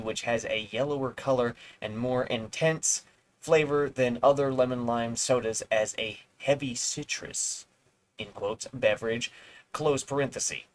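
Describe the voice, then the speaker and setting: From his home streaming setup, a man reads an article aloud, wandering off into sarcastic asides, swearing occasionally, and stumbling over words. His voice is medium-pitched with a fairly bright tone, and the recording quality is low.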